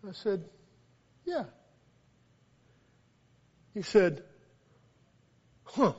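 A man with a Southern US accent, preaching a sermon that turns into a lively story, speaking quietly at times and loudly at others. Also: a little high, brisk, breathy edge. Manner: animated, builds from quiet to loud when telling a story. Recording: dull lo-fi recording.

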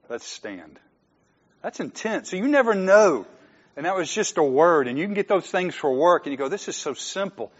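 A man's voice: high voice, very animated, normal speed, long reverb tail, lo-fi sound. A man preaching as pastor, conversational and joking, laughing often in a church sanctuary. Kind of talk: sermon.

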